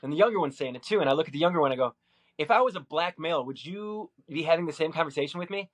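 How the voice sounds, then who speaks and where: A man with a somewhat high voice talks through his day in a personal vlog, loosely and hesitantly. He restarts his sentences often and fills the gaps with "uh" and "um." His delivery is unscripted and rambling. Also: lively intonation, rapid-fire. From Minnesota, USA. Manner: hesitant, many fillers and restarts. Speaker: vlogger.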